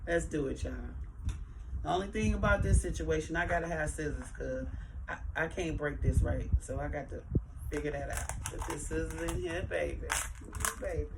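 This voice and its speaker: A woman's voice: low-pitched, creaky, background noise. A woman hosting an eating show, chatting casually to viewers and humming with pleasure between bites, often talking with her mouth full. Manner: chatty, drawn-out savoring hums, talks with mouth full. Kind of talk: casual mukbang chat while eating.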